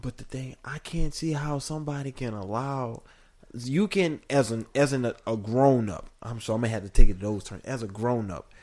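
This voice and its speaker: Animated man rambling on a podcast. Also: medium pitch, normal speed. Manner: animated, rambling, laughs often, playful. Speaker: podcast co-host. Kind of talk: casual chat.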